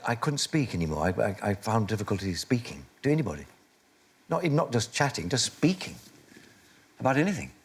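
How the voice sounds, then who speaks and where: A man in his sixties speaks in a candid interview, his voice husky with a touch of breath. His pitch moves freely and expressively as he reflects on his life. He talks in a self-deprecating way and laughs easily at himself. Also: very animated, brisk. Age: 60s. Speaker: actor and interview guest.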